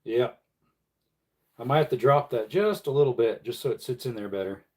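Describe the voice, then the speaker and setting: A man in the middle of his range hosts a casual livestream. He mumbles offhand asides and joking replies to chat as he works, at an even, unhurried pitch. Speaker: livestream host. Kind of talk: casual livestream chat while reloading ammunition.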